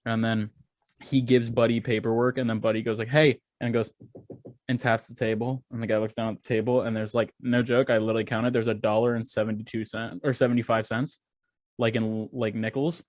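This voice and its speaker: A man's voice: mid-range voice, brisk, no room sound, studio quality. Young man ranting through a funny story. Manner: animated storytelling, swearing, acting out quotes. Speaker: podcast co-host. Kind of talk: casual chat.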